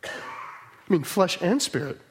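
This fairly high-voiced preacher is very animated, speaking a little slowly, earnest and emphatic. He frequently breaks off to restart a thought or ask the congregation a rhetorical question. A little hiss or hum runs underneath.

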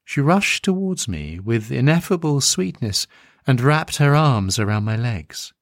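A man reading a first-person story aloud, tender and reflective. He takes his time, his voice moving widely in pitch, recorded close and dry with no room sound. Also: no echo. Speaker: narrator. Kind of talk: first-person audiobook narration.

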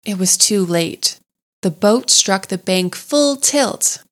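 Gentle woman reading a storybook. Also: mid-range voice. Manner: gentle, unhurried, expressive. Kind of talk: scripted storybook narration.

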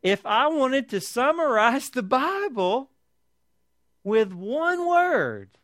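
A man's voice: very high-pitched, sing-song, takes it slowly, a bit bright, dry recording, clean studio sound. A man preaching a sermon as pastor, reading scripture aloud with emphasis and pressing points with rhetorical tag questions.

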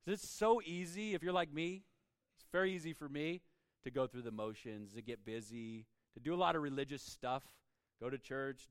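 A man preaching a sermon in a conversational way, dropping to soft, hushed lines and rising when he reads scripture aloud. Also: mid-range voice, lively intonation, normal speed, clear, resonant tone, no room sound. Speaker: pastor.

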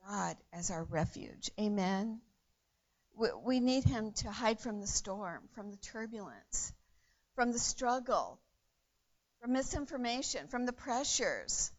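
A woman preaching a sermon in an earnest way, repeating phrases and swinging from hushed to loud. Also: on the high side, muffled recording.

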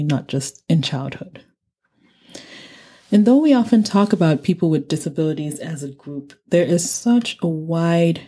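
A woman from Nigeria hosts a book-review podcast. She talks in a low, mellow voice. Her delivery is measured and thoughtful, with light laughs. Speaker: podcast host. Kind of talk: explanatory book-review talk.

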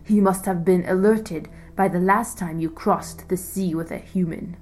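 A woman voicing a male cursed beast king with a deep, raspy, growling voice in a storybook reading. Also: fairly even intonation, measured pace, a little mellow, soft background music, natural voice. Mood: demanding. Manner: growling, demanding.

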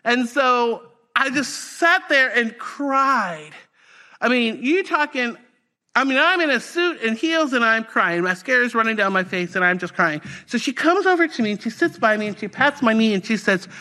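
A woman's voice: a little high, moderate pace. A woman pastor preaching a personal testimony in a conversational, storytelling way. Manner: conversational, animated storytelling with fillers.

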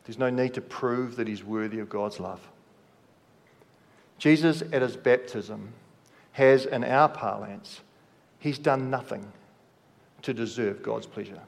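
A man preaching a sermon, slow and measured, letting his voice drop softly at the ends of phrases. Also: medium pitch, creaky. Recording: long hall reverb.

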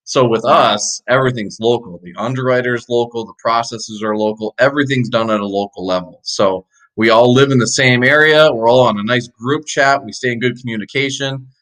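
A man's voice: mid-range voice, a little fast, a bit bright, poor audio. Earnest middle-aged man, podcast guest. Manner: earnest, conversational, frequent "uh" fillers. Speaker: mortgage professional guest. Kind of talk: casual interview chat.

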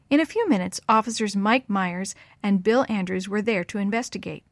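Gentle woman reading a children's story. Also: mid-range voice, moderate pace, few pauses, no room sound.

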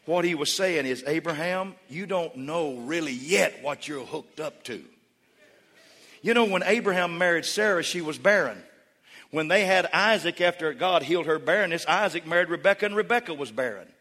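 A man preaching a sermon to his congregation, who moves between quiet storytelling and shouted calls for the crowd to respond. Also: a little high, animated, moderate pace. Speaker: pastor. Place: large church hall with congregation. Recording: church hall reverb with congregation.

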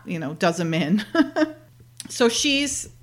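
A woman's voice: mid-range voice, sing-song, slow. A woman in casual talk, retelling a TV episode scene by scene, laughing often and quoting the characters as she goes. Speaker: podcast co-host.

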